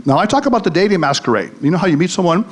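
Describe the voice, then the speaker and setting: A man's voice: high-pitched, animated, rapid-fire. A man, a psychologist and podcast host, giving a live comedic talk, telling jokes and anecdotes and questioning the audience. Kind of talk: comedic motivational speech.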